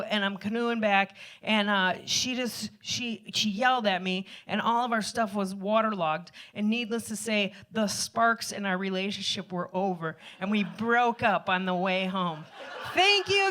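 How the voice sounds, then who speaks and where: A woman's voice: mid-range voice, fairly even intonation, moderate pace, few pauses, fairly bright tone. A woman telling a rambling, self-deprecating comic story on stage at a live show. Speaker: storyteller performer.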